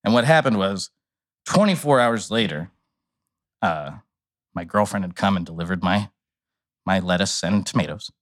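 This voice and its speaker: A man's voice: low-pitched, moderate pace, long pauses. A man telling a wild story on a podcast in casual, profane talk, acting out what people said. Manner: animated, profane storytelling with acted-out quotes. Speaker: podcast guest.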